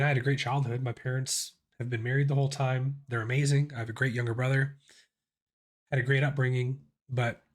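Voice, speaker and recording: A man in his thirties with a sick voice, hosting a casual music reaction and thinking aloud with many restarts. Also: mid-range voice. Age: 30s.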